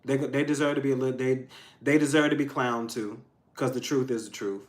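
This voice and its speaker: A man giving a casual tarot reading to his viewers, emphatic and frank, swinging between loud outbursts and low asides. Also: fairly even intonation, brisk. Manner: frank and profane, addressing viewers directly. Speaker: tarot reader.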